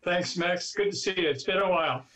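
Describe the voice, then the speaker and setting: Husky-voiced male interview guest. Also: high-pitched, brisk, a bit bright. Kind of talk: interview answers.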